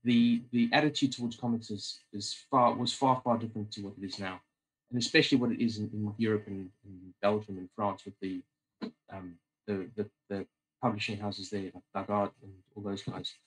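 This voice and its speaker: A man with a South African accent talks at length as a podcast guest in a casual interview, rambling and frequently restarting his sentences. His voice is lowish, steady and husky, he speaks briskly, and the recording is rough.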